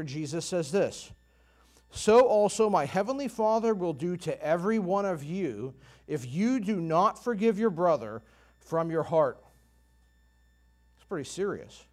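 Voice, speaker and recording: A man preaching a sermon in an earnest, emphatic way, pressing hard on his key points. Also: high-pitched. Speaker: pastor.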